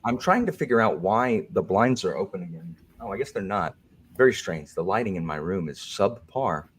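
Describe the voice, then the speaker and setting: A man's voice: low-pitched, very animated, normal speed, breathy edge. A man hosting a video call chat in a stiff, overly proper and polite manner. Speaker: host.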